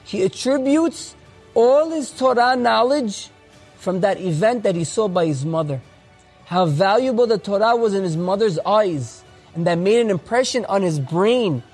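A man's voice: high voice, expressive, measured pace, a little mellow, slightly rough, faint music behind. A man earnestly retelling a religious story with emphatic storytelling.

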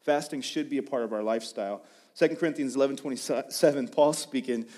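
A man preaching a sermon in a conversational, animated way, often restarting his phrases. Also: mid-range voice, quick pace. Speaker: pastor.

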